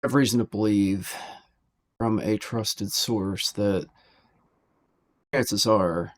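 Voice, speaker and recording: A man playing a tabletop role-playing game, speaking his character's lines in a measured, deliberate way. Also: fairly low pitch.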